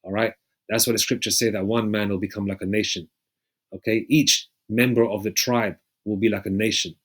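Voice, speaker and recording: A man preaching in a loose, rambling way, often pausing to check in with his listeners and swearing freely. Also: on the low side, steady tone, husky. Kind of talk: casual street-style preaching with scripture readings.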